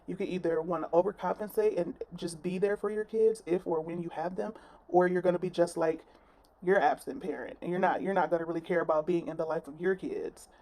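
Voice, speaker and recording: A woman's voice: lowish voice, steady tone, brisk, a little mellow. A woman giving blunt, sassy reaction commentary on a clip, with plenty of slang. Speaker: commentary vlogger.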